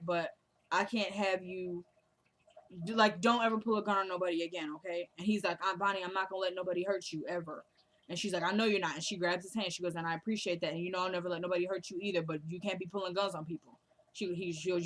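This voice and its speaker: A woman's voice: fairly low pitch, steady tone, quick pace, a bit bright. Chatty woman recapping a TV episode. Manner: chatty retelling with quoted dialogue. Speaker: recap host.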